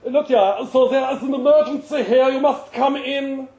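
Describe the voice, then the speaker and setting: A man's voice: extremely high pitch, normal speed, mellow, pitched above the performer's own voice. A man voicing an angry, scornful office boss with a German accent, barking orders and sneering. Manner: barking, sneering, mocking laughter. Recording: roomy live venue sound.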